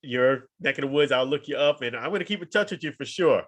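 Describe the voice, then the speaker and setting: A man's voice: mid-range voice, animated, quick pace, a bit bright. A man hosting a sports talk show, giving short, affirming replies to his guest. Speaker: sports radio show host. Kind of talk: casual interview chat.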